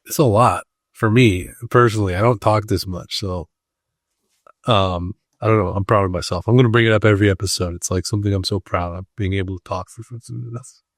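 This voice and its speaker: A man's voice: lowish voice, steady tone, a little fast, no room sound, studio quality. A man hosting his own podcast in a casual, rambling solo chat, his voice strained and tired from long talking. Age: adult with school-age kids. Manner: rambling, many ums and restarts. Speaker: podcast host.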